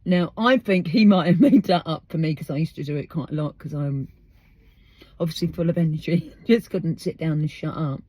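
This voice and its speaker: A woman's voice: low voice, moderate pace, dark tone, husky, no room sound. An English woman hosting her podcast outdoors, chatting emphatically and firing off rhetorical questions. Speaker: podcast host. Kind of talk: casual monologue.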